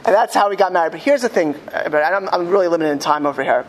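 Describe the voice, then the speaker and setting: A man telling a story to an audience with halting restarts, his voice rising to high cries in quoted lines. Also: a little hiss or hum. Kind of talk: impassioned storytelling talk. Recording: long hall reverb, faint ambience.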